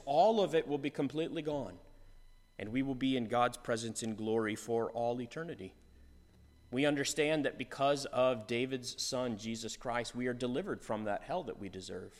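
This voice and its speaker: A man preaching a sermon, earnest and repetitive, his voice rising in force on key lines. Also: mid-range voice. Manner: earnest, repeats phrases for emphasis, swells in volume on key points. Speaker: pastor. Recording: long reverb of a large hall.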